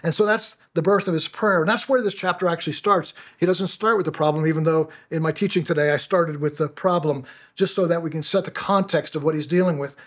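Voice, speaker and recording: A man's voice: on the high side, fast talker, slightly rough. A middle-aged man preaching a sermon as pastor, often stumbling and repeating words as he restarts his phrases.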